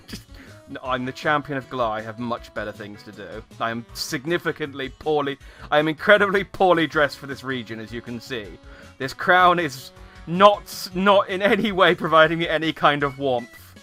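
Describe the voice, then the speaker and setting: A man's voice: fairly high pitch, moderate pace, sharp tone, faint music behind. A man giving casual, jokey let's-play commentary, rambling with many fillers. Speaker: game streamer.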